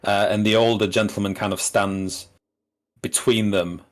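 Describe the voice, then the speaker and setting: A man's voice: lowish voice, fairly even intonation, moderate pace. A man running a tabletop game as game master, narrating in a hesitant way with many fillers and restarts.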